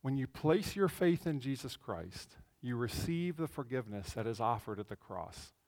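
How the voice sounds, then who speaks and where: A man preaching a conversational sermon as pastor, telling the story with animation and swinging between loud and hushed. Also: medium pitch, very animated, moderate pace. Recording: long reverb of a large hall.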